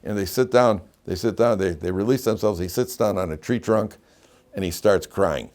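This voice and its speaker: A man's voice: lowish voice, moderate pace, darkish tone. A man, a rabbi teaching a Torah class, who tells jokes and anecdotes and often repeats his phrases. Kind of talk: classroom lecture.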